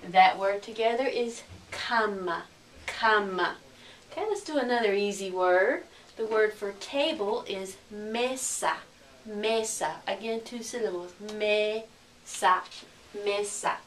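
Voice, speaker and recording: Slow woman teacher, recorded from a distance in a roomy space. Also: medium pitch. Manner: slow, clear, repeats words for learners. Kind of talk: recorded lesson.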